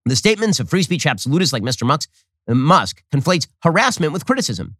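A fast-talking man drives his opinion monologue with sharp sarcasm. His pitch swings widely for emphasis, and the studio sound is close and dry. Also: very animated, husky, no echo. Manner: combative, sarcastic, rapid-fire. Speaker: political commentary host. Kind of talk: opinion talk show monologue.

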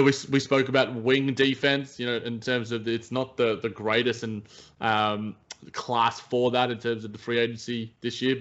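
A man's voice: fairly low pitch, fairly bright tone. A man co-hosting a casual basketball podcast, talking with many restarts and fillers. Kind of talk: casual sports chat. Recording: dull lo-fi sound.

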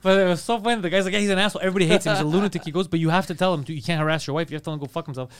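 A man telling a story in casual podcast chat, animated and profane, acting out what people said. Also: high voice, very fast, clear, resonant tone. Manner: animated, profane, acts out quotes.

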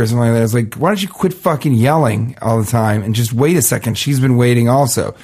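A man co-hosting a podcast, telling casual comic stories and acting out the people in them with sudden jumps in pitch. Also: expressive, fairly quick, hardly any pauses, darkish tone, breathy edge. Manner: acts out quoted voices, jumping pitch. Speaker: podcast co-host. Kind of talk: casual comedic storytelling.

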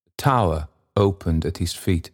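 A man narrating an audiobook in a measured, unhurried manner. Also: low-pitched. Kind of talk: audiobook reading.

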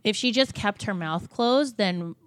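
A woman's voice: medium pitch, expressive, unhurried, smooth, no echo, clean studio sound. A woman guest speaking in casual chat, telling a heated story in a blunt, profane way. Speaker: podcast guest, former reality TV cast member.

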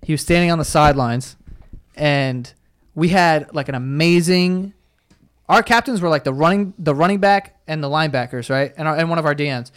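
A young man telling animated, profane stories in a casual chat, full of "yo" and "like.". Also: a little high, normal speed, smooth.

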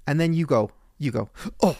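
A young man co-hosting a podcast, telling stories in casual banter with emphatic, animated delivery. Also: fairly high pitch, brisk, dry recording, clean studio sound. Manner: animated, emphatic storytelling with quoted voices. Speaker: podcast co-host.

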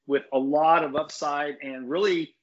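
A man's voice: a little high, steady tone, a little slow, muffled recording. A man giving his opinions on college football in a casual podcast chat. He rambles with restarts and strong takes.

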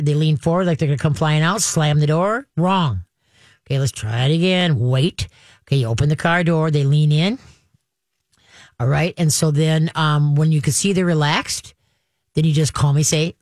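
A woman's voice: sits low, a little mellow, no echo, studio quality. A woman hosting a call-in radio show as a dog trainer, giving practical step-by-step advice in an upbeat way, often checking in with "okay". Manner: upbeat, practical, talks through steps with "okay".

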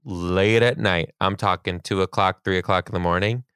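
A man co-hosting a podcast, chatting casually and reacting in an expressive way with plenty of laughter. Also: low voice, normal speed, clear, resonant tone, dry recording, clean studio sound. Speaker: podcast co-host. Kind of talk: casual chat.

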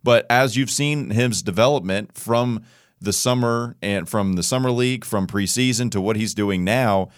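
A man's voice: lowish voice, moderate pace, no echo, studio quality. A man hosting a casual sports podcast, talking with energy as he runs through player minutes. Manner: energetic, stat-listing. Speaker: podcast host.

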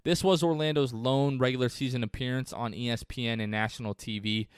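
A man's voice: medium pitch, steady tone, a little fast, clean tone, dry recording, clean studio sound. A man hosting a sports podcast, talking through a game in a casual, conversational way that wanders off on tangents. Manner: conversational, digressive. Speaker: podcast host.

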